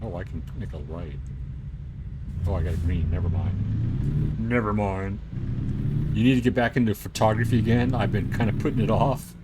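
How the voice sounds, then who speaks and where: Low-voiced streamer guy rambling on, truck game noise in the back. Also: a little fast. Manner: rambling, chatty, many fillers. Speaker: streamer hosting a game convoy. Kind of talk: casual chat while gaming. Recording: game engine noise behind.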